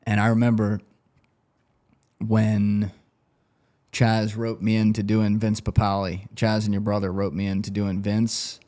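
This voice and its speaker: A man's voice: fairly low pitch, completely flat delivery, a little slow, dark tone. A man telling stories as a podcast guest, in a loose, profane, laughing way. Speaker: guest, former banker turned interviewer. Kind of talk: casual storytelling on a podcast.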